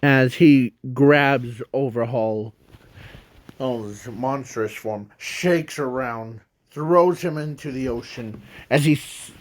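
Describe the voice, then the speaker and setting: A man improvising a fan story in a rambling, halting way, often stopping to correct himself. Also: medium pitch, a little mellow, no echo.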